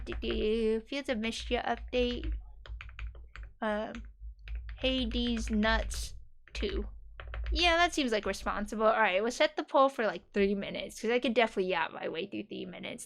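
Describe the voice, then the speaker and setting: A woman's voice: fairly high pitch, fairly bright tone, clean tone. A young woman streamer chatting casually with her viewers, rambling and giggling and dropping playful slang.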